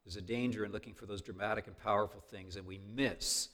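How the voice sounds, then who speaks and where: A man preaching a sermon as pastor, earnest and conversational, swinging between raised emphasis and hushed softness. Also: fairly low pitch, steady tone, fairly quick, hardly any pauses.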